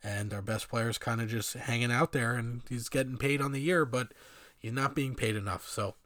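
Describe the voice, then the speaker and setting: A man's voice: medium pitch, steady tone, normal speed, fairly bright tone, no echo. A man giving a casual, rambling sports opinion monologue with many fillers and sardonic asides. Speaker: sports commentator.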